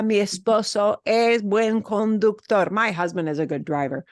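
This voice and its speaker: A woman teaching a Spanish class, explaining grammar with lively emphasis and repeating example phrases. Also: mid-range voice, unhurried, hardly any pauses, no room sound, clean studio sound. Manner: animated, emphatic, switches between English and Spanish examples. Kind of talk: online class instruction.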